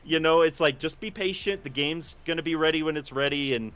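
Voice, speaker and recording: A man with a bright, forward voice chatting on a gaming podcast. He rambles and pokes fun at himself, stumbling over his first words before his thought takes shape. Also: a little high, a little fast, clean tone. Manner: rambling, self-deprecating, repeats words when starting a thought. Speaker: podcast co-host, gaming content creator. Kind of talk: casual podcast chat.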